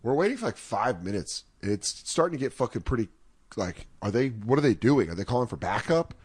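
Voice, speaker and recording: A man's voice: mid-range voice, big pitch swings, a little fast, a little mellow, breathy edge, no room sound. Crude rambling storyteller man. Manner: crude, rambling anecdote with acted-out quotes. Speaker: podcast co-host. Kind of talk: casual comedy podcast storytelling.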